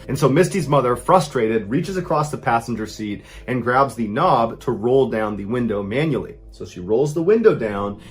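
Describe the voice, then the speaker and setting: A man narrating a true horror story in a suspenseful storytelling style. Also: mid-range voice. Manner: suspenseful, builds tension with rising intensity.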